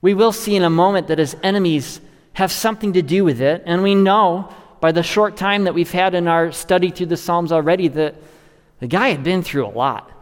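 Male pastor, earnest sermon delivery, slightly high voice, long church reverb. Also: a little fast, clean tone. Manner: earnest, rising to stress and dropping low to close a thought. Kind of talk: expository sermon.

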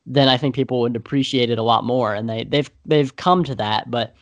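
A man's voice: mid-range voice, a little fast, dry recording, lo-fi sound. A man co-hosting a podcast, talking in a rambling, hesitant way with many fillers in a casual movie review chat. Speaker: podcast co-host.

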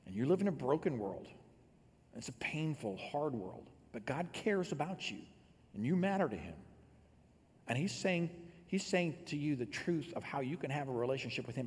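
A man preaching a sermon as a pastor, earnest, rising loud and then dropping low to tell a story. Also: lively intonation, normal speed, husky. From Illinois. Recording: long hall reverb.

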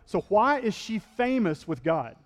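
A man's voice: high-pitched, very animated, a little slow, in a large hall. A male pastor preaching a sermon in a conversational style, acting out quotes and building to fervent peaks.

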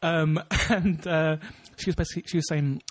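A man's voice: a little high, fairly even intonation, moderate pace, no echo. A young man co-hosting a podcast, chatting casually and telling rambling anecdotes with frequent laughs. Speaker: podcast co-host. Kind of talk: casual chat, storytelling.

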